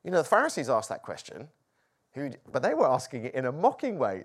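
Animated preacher with lively pitch. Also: male voice, fast talker. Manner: animated, swings from loud exclaims to hushed lines. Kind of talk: sermon.

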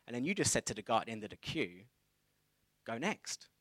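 A man in his thirties preaching a sermon, telling a personal story in a conversational, animated way. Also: on the low side, very fast, dry recording. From England.

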